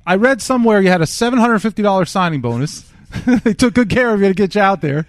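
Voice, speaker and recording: A man's voice: sits high, lively intonation, fast talker, dry recording, clean studio sound. A male podcast host interviewing guests with enthusiasm and laughing along.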